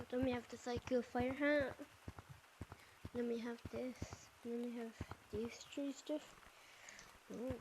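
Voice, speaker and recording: A woman's voice: on the high side, background noise. A woman giving casual, rambling gameplay commentary as a channel host, with frequent fillers.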